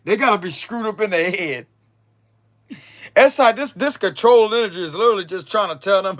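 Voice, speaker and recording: A man giving a casual tarot reading, animated and laughing often, repeating phrases and swearing freely. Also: sits high, a little fast. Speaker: tarot reader.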